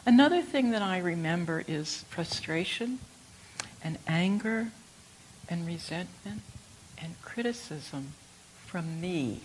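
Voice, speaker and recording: An older woman giving a reflective Buddhist dharma talk, telling stories gently. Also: lowish voice, lively intonation, slight background noise, poor audio. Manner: slow, reflective, gentle storytelling. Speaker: Buddhist teacher.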